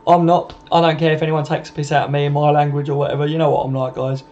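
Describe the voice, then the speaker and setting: A young man chats on a live stream, answering viewer comments with swearing, laughter and constant banter. His voice is a little high and mellow. The mic sounds slightly muffled and lo-fi. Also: little pitch movement, quick pace, a little hiss or hum. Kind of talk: casual live stream chat.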